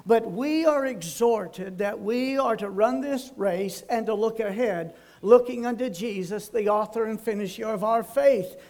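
Older male pastor, folksy storyteller, emphatic, high-pitched. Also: measured pace, hardly any pauses, a little mellow. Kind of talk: sermon.

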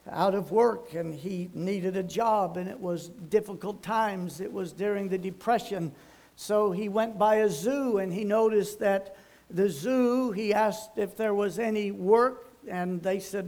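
High-voiced older preacher. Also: male voice, darkish tone. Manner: folksy storytelling, emphatic preaching. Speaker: pastor. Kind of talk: sermon.

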